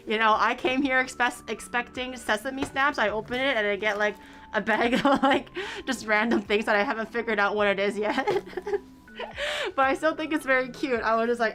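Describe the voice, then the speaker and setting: A woman's voice: fairly high pitch, a little fast, fairly bright tone, faint music behind. A young woman streaming, rambling casually about her day with swearing and laughs. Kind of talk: casual chat.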